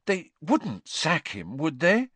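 A man's voice: fairly high pitch, huge pitch swings, takes it slowly, fairly bright tone, slightly rough, no room sound, voice pushed up, full character voice. A man voicing an anxious, earnest and bookish teenage girl in a raised, careful voice.

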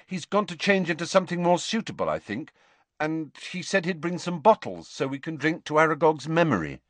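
A man voicing a calm, tactful teenage schoolboy in a gentle, reassuring way. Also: a little high, a little fast, no room sound, pitched above the performer's own voice.

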